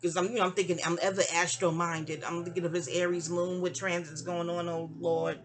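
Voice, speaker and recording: A young woman with a lowish, level voice talks fairly quickly as an audio diarist, casually recounting a personal story. She's chatty and digressive, often trailing off into asides.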